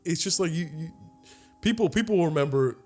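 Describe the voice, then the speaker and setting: Animated, profane podcast storyteller man. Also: on the high side, brisk, faint music behind. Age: late 20s. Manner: animated, profane, acts out voices in stories. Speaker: podcast co-host. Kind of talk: casual storytelling chat.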